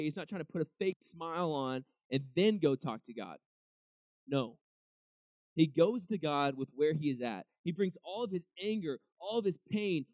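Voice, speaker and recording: A man's voice: fairly high pitch, darkish tone, dry recording. A young man giving a casual devotional talk, conversational, often acting out what people might say to God. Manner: conversational, acts out quoted voices, many restarts. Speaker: preacher.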